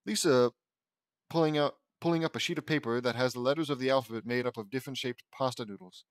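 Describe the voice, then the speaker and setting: A man's voice: medium pitch, fast, clean tone, dry recording. Brief: male reader, fan fiction audiobook, trips on words, cracks asides, dry close sound. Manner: stumbles over words and adds joking asides. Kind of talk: reading fan fiction aloud with side remarks.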